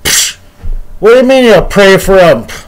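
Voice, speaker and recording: A guy acting out a sneering, dismissive man in a smoking crowd. The voice is loud and raised in pitch as it scoffs, told within a storytelling video. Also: very animated, a little slow, heavily acted, poor audio. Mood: scornful. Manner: mocking, dismissive.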